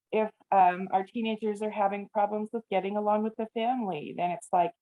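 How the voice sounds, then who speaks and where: A woman guest, a family therapist, explains her work with teens and parents in an earnest, lively way. Her voice comes through a narrow, phone-like line. The pitch sits mid-range for a woman. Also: a little fast, few pauses. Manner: earnest, animated, acts out a scolding parent voice. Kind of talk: podcast interview. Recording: tinny phone-like remote line.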